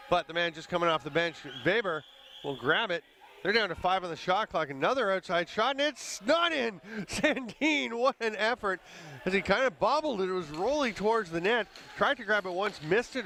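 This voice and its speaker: Bright-voiced male sports commentator. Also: a little high. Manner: brisk, conversational play-calling with chuckles. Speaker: play-by-play commentator.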